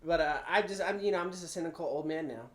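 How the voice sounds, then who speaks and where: A man's voice: a little high, fast talker, roomy sound. A man co-hosting a podcast, chatting casually, laughing often and swearing freely. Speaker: podcast co-host. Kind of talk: casual chat.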